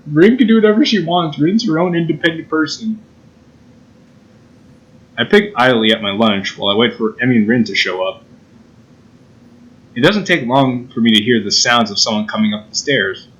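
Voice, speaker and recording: A man's voice: mid-range voice, moderate pace, pauses often, a bit bright, highs cut off. A man hosting a gaming channel, reading a visual novel aloud in a playful way and joking about the story. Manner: playful, laughs at his own jokes.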